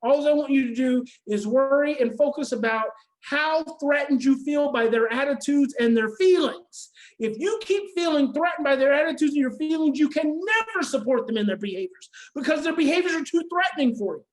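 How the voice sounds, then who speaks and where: Woman presenter, high voice, preacher-like seminar delivery, emphatic repetition, loud to hushed. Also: a little fast, rough recording. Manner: emphatic and repetitive, preacher-like, swinging from shouting to hushed near-whispers. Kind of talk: impassioned online seminar talk.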